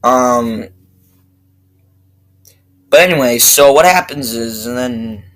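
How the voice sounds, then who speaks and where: A young man giving a casual movie review, rambling and excitable, swearing constantly and restarting his sentences. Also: mid-range voice, slow pace, low-quality recording. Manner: profane, excitable, rambling with many fillers and restarts.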